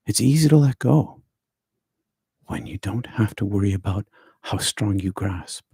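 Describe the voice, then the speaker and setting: A man hosting a spiritual livestream, speaking slowly and repetitively with gentle emphasis. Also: lowish voice, animated, no room sound, clean studio sound. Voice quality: gravelly, husky. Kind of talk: meditative live-stream talk.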